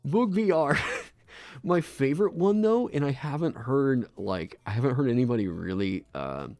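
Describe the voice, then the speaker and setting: A man's voice: mid-range voice, expressive, normal speed, darkish tone, no room sound, faint music behind. A man chatting casually on a live stream into a desk microphone. He rambles, laughs often and swears freely. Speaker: streamer designing a game class.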